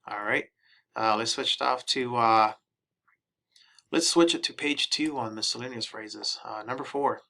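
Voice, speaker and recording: A man giving a casual lesson, reading each English phrase and then repeating the Spanish slowly. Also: mid-range voice, steady tone, creaky, pushed and bright.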